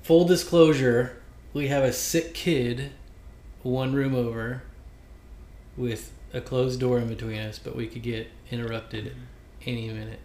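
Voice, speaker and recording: A man's voice: mid-range voice, fairly even intonation, a little slow, darkish tone, reverberant. A man co-hosting a casual podcast, teasing with dry humor. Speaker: podcast co-host. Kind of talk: casual chat.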